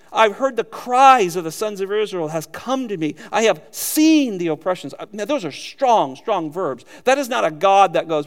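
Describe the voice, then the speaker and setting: A man preaching a sermon as pastor, emphatic and folksy, mixing scripture with ranch stories. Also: high voice. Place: church sanctuary. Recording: long reverb of a hall.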